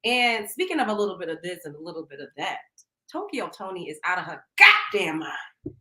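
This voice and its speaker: A woman from Brooklyn hosting a casual celebrity gossip chat, animated and outspoken. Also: lowish voice, fairly quick, reverberant. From Brooklyn, New York. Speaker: host.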